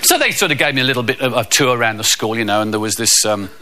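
A man doing stand-up comedy, telling a story deadpan and slipping into put-on voices. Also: medium pitch, very fast, very noisy.

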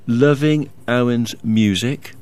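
A man's voice: mid-range voice, slow pace, crowd noise. A man presenting a casual radio show, chatting with co-hosts and reading out listener messages, often chuckling. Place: radio studio.

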